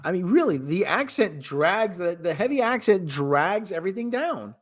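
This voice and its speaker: A man's voice: high voice, very animated, normal speed. A man hosting his show, giving rambling, sarcastic, wisecracking commentary in a casual movie review. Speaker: host.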